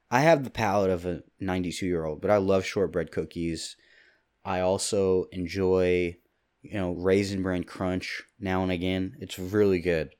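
Deep-voiced young man rambling casually. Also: a little mellow. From Kentucky. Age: 20s. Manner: rambling, jokey, quick asides. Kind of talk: casual solo monologue. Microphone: studio mic with pop filter.

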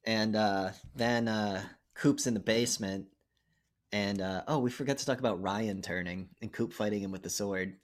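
A man's voice: on the low side, moderate pace. A young man co-hosting a movie review podcast, recapping a horror film in casual, profane chat and acting out the characters' lines. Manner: profane, animated retelling with acted-out lines.

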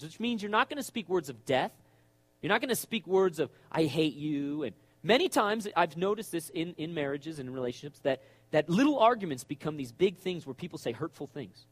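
Middle-aged male pastor, emphatic preacher, high and lively voice. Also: no echo. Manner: animated, emphatic, acts out quoted voices. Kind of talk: sermon.

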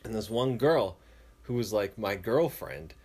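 Man, casual storyteller, animated, acts out the lines he quotes. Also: fairly low pitch, measured pace, husky.

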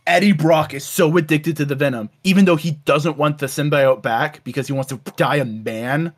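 A man's voice: on the high side, normal speed. A man co-hosting a casual chat, animatedly retelling a cartoon with lots of swearing. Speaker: podcast co-host.

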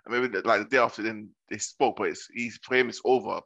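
A man's voice: fairly low pitch, fairly even intonation, fast talker, vocal fry, fairly bright tone, no echo, lo-fi sound. A young man retelling reality-show drama in casual slangy chat, voicing the people he quotes.

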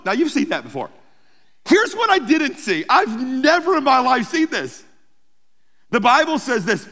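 A pastor preaching a sermon, telling the story in a humorous, lively way with playful asides. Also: male voice, very high-pitched, normal speed. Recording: long hall reverb.

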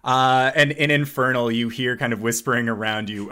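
A man running a tabletop game as game master, narrating in a relaxed way with plenty of "uh"s. His voice sits in a middle pitch. The delivery feels easygoing and conversational. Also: normal speed, clean tone. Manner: relaxed, filler-heavy narration.

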